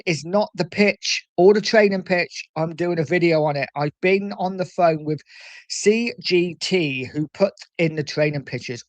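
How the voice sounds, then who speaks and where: A man's voice: fairly high pitch, dry recording. A man hosting a casual football livestream, chatting with viewers, reading out their comments and calling them mate. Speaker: livestream host reading chat. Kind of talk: casual chat.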